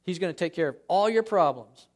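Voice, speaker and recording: A man giving a conversational sermon in a church as a guest speaker, acting out scripture scenes with lively emphasis. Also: high voice, fairly quick.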